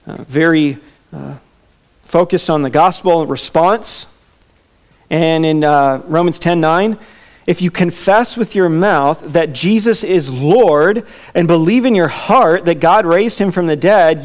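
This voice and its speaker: Guy preaching a sermon, kinda high-pitched, stresses and repeats his points. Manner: emphatic preaching, repeats key lines. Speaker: pastor. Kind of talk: expository sermon.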